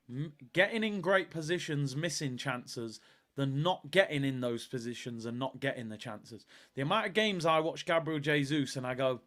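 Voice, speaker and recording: A man hosting a live football watch-along stream, talking emphatically in casual chat, repeating lines for effect and answering viewers' comments. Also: a little high.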